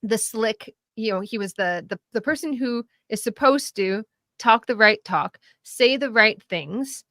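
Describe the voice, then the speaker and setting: Podcast guest, female, animated and chatty, breaks into laughter, restarts her sentences, dry close mic. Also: on the high side, measured pace, dry recording. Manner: animated, laughing often, many restarts and fillers. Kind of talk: casual political discussion.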